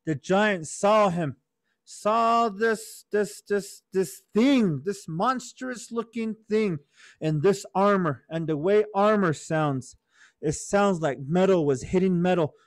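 A man tells a traditional story to children in a gentle, teacherly way, checking in often with his listeners. His voice is fairly high for a man. The sound is dry and close, with no room echo. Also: takes it slowly. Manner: gentle teacherly, often asks "right?" and "okay?". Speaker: storyteller for youth.

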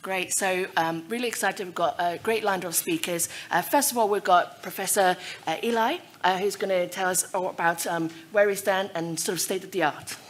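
A woman's voice: lowish voice, moderate pace, few pauses, slight background noise. A woman anesthetist chairing a conference session, introducing speakers with hesitant fillers.

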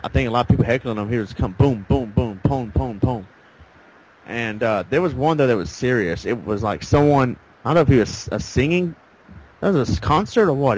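A man hosting a casual talk show rambles through stories, acting out the things people said. The chat-style podcast audio is low quality, with faint background noise.

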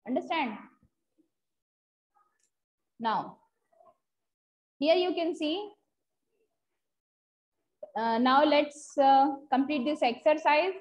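A woman teacher with an Indian English accent, giving an online grammar class and dictating example sentences slowly, mixing in short Hindi asides. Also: high voice. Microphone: video call. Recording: slightly dull lo-fi video call audio.

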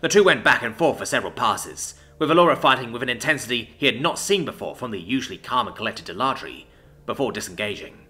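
A man narrating a science fiction story with a lively, expressive reading. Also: medium pitch, fast, soft background music.

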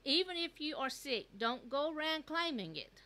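A woman's voice: high-pitched, lively intonation, normal speed, pushed and bright. A middle-aged woman giving an earnest, conversational sermon at a youth service, repeating herself and using plenty of fillers.

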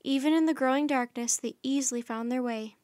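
A woman hosting a children's storytime, reading a chapter book aloud in a gentle, friendly, unhurried way. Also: sits high, dry recording, clean studio sound.

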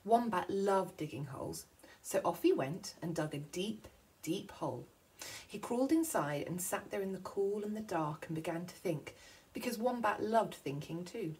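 A woman teacher reading a picture book aloud to children, slowing down for effect. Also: on the low side, rough recording. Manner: expressive storytelling, slowing for effect.

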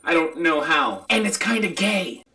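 A man's voice: high voice, unhurried, bright, forceful tone. A man in his bedroom joking through a birthday message on his webcam. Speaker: vlogger sending a birthday message. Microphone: webcam tilted down.

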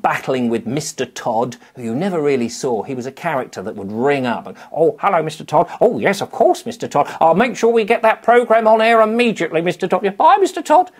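A middle-aged man, a children's author, chatting to camera in a rambling, animated way. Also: mid-range voice, husky. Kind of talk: casual talk to camera.

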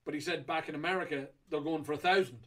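Guy rambling about auction lots, kinda high voice, lots of ums. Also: steady tone, fast talker, a bit bright. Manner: rambling and chatty with many fillers. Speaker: whiskey auction host. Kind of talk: casual chat previewing auction lots.

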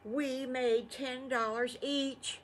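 An older woman telling a bedtime story puts on a cheerful little wolf boy from a storybook, earnest and keen to help. His voice sits a bit higher and brighter than hers, with a childlike lift. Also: steady tone, slow pace, a little hiss or hum. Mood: eager. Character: eager young male wolf, helpful and polite.

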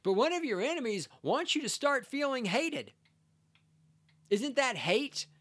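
A man's voice: extremely high pitch, big pitch swings, a little slow, a bit bright. A man hosting a podcast, delivering a scornful, sarcastic rant as he reacts to a text he reads aloud. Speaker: podcast host. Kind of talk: ranting commentary reacting to a read-out text.

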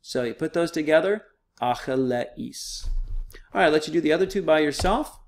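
A man's voice: on the high side, quick pace. A man teaching a recorded online lesson, explaining step by step in a casual, patient way with frequent fillers.

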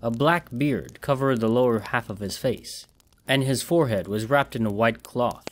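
Male horror narrator, measured dramatic reading, mid-pitched. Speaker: audiobook narrator.

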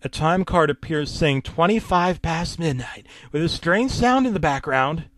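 A man's voice: fairly high pitch, expressive, unhurried, a bit bright, no room sound. Man reading a horror story in a dry voice. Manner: casual, wry asides, sometimes dropping to a whisper. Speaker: narrator.

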